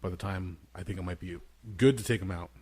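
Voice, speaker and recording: A man co-hosting a casual podcast, telling lively family stories and imitating his young son in a high voice. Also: fast talker, husky. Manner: animated storyteller, acts out his toddler son in a high voice. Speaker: podcast co-host. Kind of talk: casual chat, storytelling.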